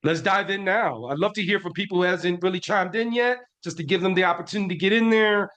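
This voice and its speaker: A man's voice: high-pitched, fast talker, a bit bright. A man with a slightly raised voice moderates a panel discussion. His tone is upbeat and encouraging, and he speaks to the room as he hands over the floor.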